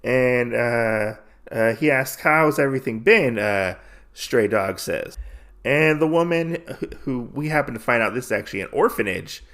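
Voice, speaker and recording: Male podcast host, middle pitch, loose filler-heavy storytelling, dips into quick character voices. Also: expressive, fairly bright tone. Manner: rambling, filler-heavy retelling. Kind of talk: casual comic recap.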